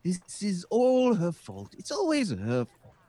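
A man's voice: high-pitched, huge pitch swings, unhurried, dark tone, no echo, pitched above the performer's own voice, full character voice. Grumbling adventurer played by a man, sulky mutterer, voice rising and falling widely, tabletop game. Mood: resentful. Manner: muttering, resentful repetition.

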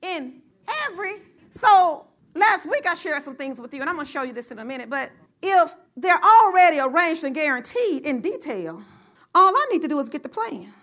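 A woman pastor preaches, her voice high and sharp. She talks straight to her congregation and keeps working herself up until she is shouting the message. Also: very animated, normal speed. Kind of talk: sermon. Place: church.

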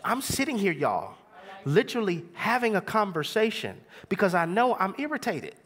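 Young male preacher, fairly high, very expressive pitch, casual and conversational sermon delivery. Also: moderate pace. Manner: animated, conversational preaching with rhetorical questions.

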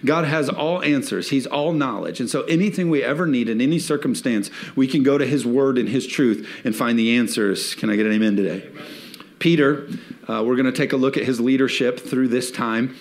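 A man preaching a sermon as a pastor, lively and joking, acting out little quoted scenes from everyday life. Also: mid-range voice, fairly quick, creaky.

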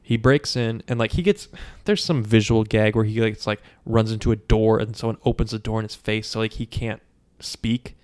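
A man co-hosting a casual chat, retelling a film in a profane, animated way. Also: fairly low pitch, normal speed, clean tone. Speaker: podcast co-host.

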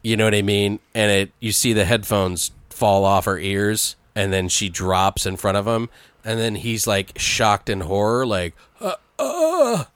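A man riffing on a film plot in loose, casual talk, full of swearing and quick acted-out lines. His voice is bright and forward, and the recording is dry and close. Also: fairly low pitch, smooth, no room sound. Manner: animated, swearing, acts out bits of dialogue. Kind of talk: casual brainstorming chat.

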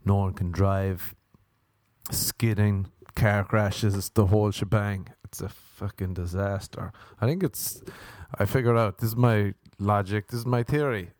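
A man's voice: fairly low pitch, darkish tone, no echo. Irish guy doing a solo comedy podcast indoors, rambly and crude, swears a lot, dry close sound. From Ireland. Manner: crude, swearing, jokey tangents and wordplay. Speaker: podcast host. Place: indoors at home by a window.

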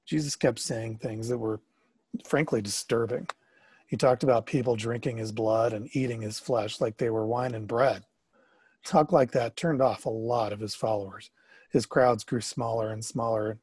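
A man narrating a story in the first person, expressive and sometimes rising to excited questions. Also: medium pitch, normal speed, breathy edge, dry recording.

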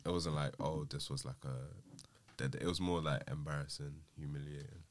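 A man's voice: very deep voice, steady tone, a little fast. A man telling a story in casual podcast chat, laughing often and using slang. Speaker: podcast co-host.

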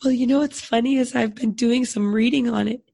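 A woman's voice: a little high, steady tone, a little fast, gravelly, warm tone, slightly rough, dry recording. A woman podcast co-host chatting casually and self-deprecatingly while sick with a cold. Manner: chatty, self-deprecating, laughs through her words. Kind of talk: casual chat.

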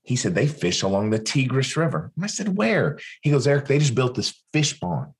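A male podcast guest tells a long, animated story, voicing other people's lines in different voices. His mid-range voice runs a little fast, and he rambles, frequently restarting sentences.

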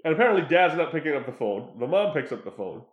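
A man's voice: a little high, very animated, fast talker, lo-fi sound. A man recapping a film plot in casual chat, laughing often and stumbling through restarts. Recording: echoey room.

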